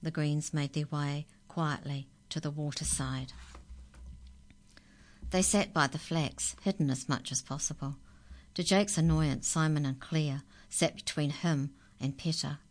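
A woman calmly reading a children's story aloud. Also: low-pitched, a little slow.

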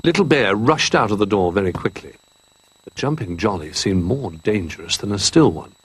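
Expressive man reading a children's story. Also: fairly low pitch, normal speed, husky.

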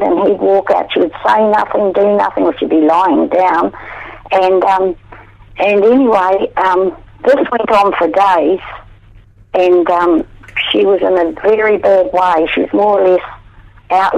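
A woman in her eighties, an interview guest telling stories in a lively, conversational way. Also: medium pitch, vocal fry, dull audio. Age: 80s. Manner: animated, loud when acting out her own past words. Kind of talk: conversational storytelling.

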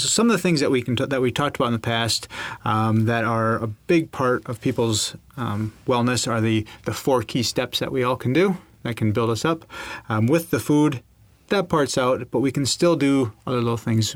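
A man's voice: medium pitch, dry recording. A man hosting a radio show, chatting casually and enthusiastically. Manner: upbeat, enthusiastic, fast-talking.

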